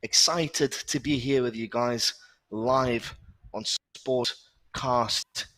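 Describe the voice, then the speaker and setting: Male football commentator, mid-pitched, brisk play-by-play with filler pauses, live stream. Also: fairly even intonation, fairly bright tone.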